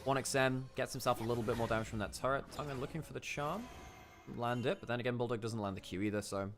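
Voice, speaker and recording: A man's voice: mid-range voice, fast, fairly bright tone, soft background music. A young man with a Welsh accent casting an esports match, chatty and jokey, going off on rambling asides. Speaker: esports caster. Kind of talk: play-by-play and color commentary.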